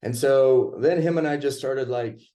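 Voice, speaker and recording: A man's voice: medium pitch, normal speed, mellow. A young man telling a personal story in a casual chat, laid-back and chuckling as he goes.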